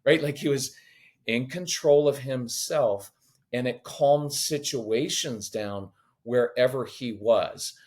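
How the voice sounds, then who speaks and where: A man on a parenting podcast, talking in a lively, conversational teaching way, acting out quoted voices and joking now and then. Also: medium pitch, slow pace. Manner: animated, acts out quoted voices, jokes.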